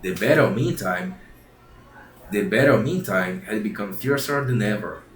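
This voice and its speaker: Lower-voiced man reading a storybook aloud. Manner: frequent restarts and repeated phrases. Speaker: reader. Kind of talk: reading a children's classic aloud. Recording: roomy echo, faint background hiss.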